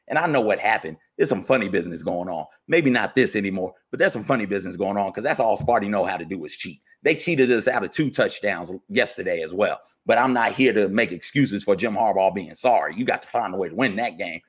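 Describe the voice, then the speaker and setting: A man with a husky, breathy edge to his voice rants about a game in heated, repetitive bursts. His comes through in loose, slangy phrasing, and he sounds fired up throughout. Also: fairly low pitch, lively intonation, fast, hardly any pauses. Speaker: podcast co-host. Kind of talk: heated sports rant.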